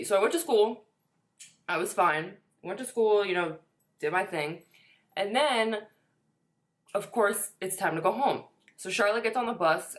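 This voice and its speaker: A woman's voice: mid-range voice, fairly bright tone. A woman in her twenties telling a personal story in a casual, chatty way, swearing now and then and saying "like" a lot. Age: 20s. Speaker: vlogger.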